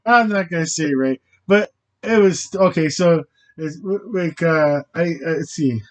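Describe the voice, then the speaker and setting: High-voiced, slow-talking man rambling. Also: poor audio. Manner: hesitant, self-interrupting, fumbling foreign words. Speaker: channel host. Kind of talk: rambling casual monologue.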